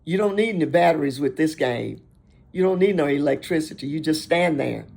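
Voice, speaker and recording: An older woman hosting an inspirational talk show, speaking emphatically and repeating and listing words in a steady rhythm. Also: deep voice, brisk, vocal fry. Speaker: host.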